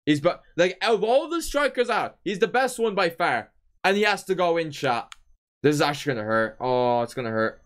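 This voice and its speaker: Gaming streamer, young guy, slightly higher voice, melodramatic, swears a lot, keeps repeating himself to chat. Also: sing-song, brisk, fairly bright tone. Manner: theatrical despair, swearing, repetitive. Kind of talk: live stream commentary to chat.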